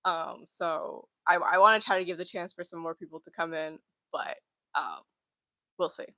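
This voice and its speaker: Young woman, twenties, casual streamer; yappy and giggly, bright tone, close and dry. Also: lowish voice, steady tone, normal speed, no room sound. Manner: rambling, chatty, giggly. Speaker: livestream host. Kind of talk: casual livestream chat. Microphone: laptop mic.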